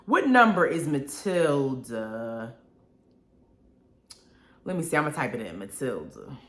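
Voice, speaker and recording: A young woman hosts a casual live show, her voice swinging up and down with lively expression and quick laughs. She drawls friendly asides like honey and y'all to her viewers. The room around her rings with a noticeable echo. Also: extremely low pitch. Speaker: radio show host. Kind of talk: casual live-stream chat reading viewer comments. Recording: roomy echo.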